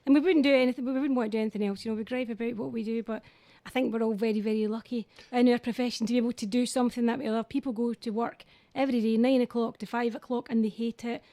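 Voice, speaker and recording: Scottish singer guest, chatty and self-mocking, mellow higher voice, dry studio sound. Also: female voice, fairly even intonation, fast, hardly any pauses, dry recording. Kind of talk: casual radio interview.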